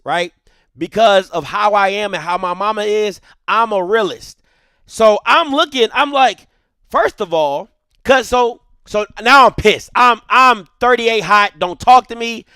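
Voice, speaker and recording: A man in his thirties hosting a show, retelling a story in an animated, heated way. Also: very high-pitched, unhurried, dry recording, studio quality. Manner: heated, emphatic retelling with quoted dialogue. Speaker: show host.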